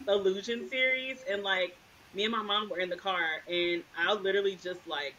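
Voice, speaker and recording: A woman's voice: medium pitch, steady tone, moderate pace, pushed and bright, dull audio, a little hiss or hum. A woman co-hosting a podcast, telling stories and teasing in casual chat. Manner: storytelling, teasing. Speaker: podcast co-host.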